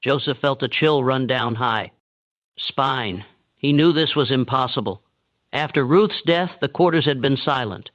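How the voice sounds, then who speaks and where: A man giving steady, measured scripted narration of a dark historical story. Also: mid-range voice. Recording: dull, dry, lo-fi sound.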